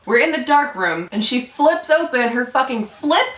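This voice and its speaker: A young woman telling a story casually, animated and swearing freely as she acts out what people said. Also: on the high side, moderate pace. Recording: echoey room, from a distance.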